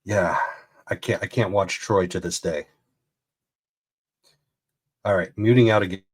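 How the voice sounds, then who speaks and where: Brief: low-voiced male host, rambling, incredulous reaction commentary. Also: measured pace, breathy edge. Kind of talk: casual commentary reacting to a video.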